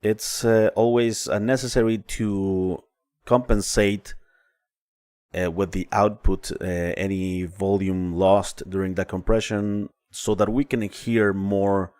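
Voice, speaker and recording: A man with a fairly low voice hosts a casual music production livestream. He explains things in a relaxed way, with fillers and small restarts. The sound is dry and close. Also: takes it slowly, no echo. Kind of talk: casual live-stream plugin demo.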